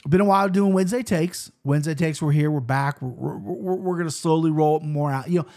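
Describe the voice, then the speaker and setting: A man in his thirties hosting a casual fight-sports betting show, rambling quickly with restarts and the odd curse. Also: a little high, darkish tone. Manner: rambling, fast-talking with frequent restarts and swearing. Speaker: show host. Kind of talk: casual MMA betting commentary.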